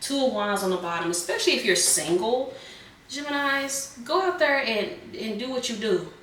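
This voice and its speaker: A woman doing a casual tarot reading, a bit hoarse as she is losing her voice, chatting loosely with many fillers. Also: a little high, expressive, normal speed, a bit bright, roomy sound, far from the mic. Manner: chatty, filler-heavy, calls viewers "Geminis". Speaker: tarot reader.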